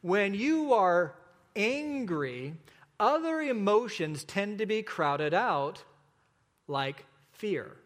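A man preaching a sermon as a pastor, earnest and emphatic, slowing down for repeated points. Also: high-pitched, sing-song, big-room sound.

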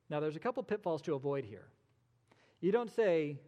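In what sounds like a church sanctuary with long hall reverb, a man preaches a sermon in a somewhat high, mellow voice, animated and brisk. He leans on rhetorical questions and drops in dry sarcasm.

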